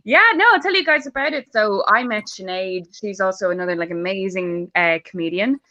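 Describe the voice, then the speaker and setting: Bright-voiced Irish woman comedian. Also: medium pitch, a little fast, dry recording, dull audio. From Ireland. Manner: chatty, laughing, swearing freely. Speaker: comedian guest. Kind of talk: casual chat on a video call. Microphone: video call.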